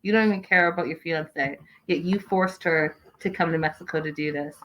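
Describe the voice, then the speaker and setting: A woman hosting a casual recap show, reading out viewer comments and giving her own blunt, animated opinions straight to viewers. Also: sits low, a little fast, slight background noise, poor audio. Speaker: host.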